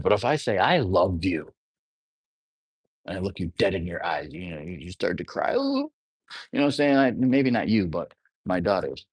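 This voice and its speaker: A man's voice: fairly low pitch, dry recording. Man talking astrology, loose and rambling. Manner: rambling, conversational, often asks "you know what I'm saying". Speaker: astrology teacher. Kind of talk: casual explanatory monologue.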